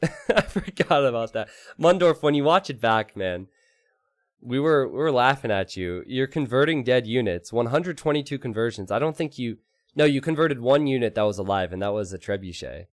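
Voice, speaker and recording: A man casting a strategy game live and chatting with his stream audience, excitable and quick to laugh. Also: mid-range voice, no echo, studio quality. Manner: excitable, laughs often, talks to chat.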